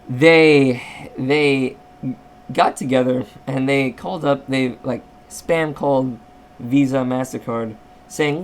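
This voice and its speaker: A man ranting in a casual vlog, sarcastic and rambling, with frequent restarts. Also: medium pitch. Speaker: channel owner.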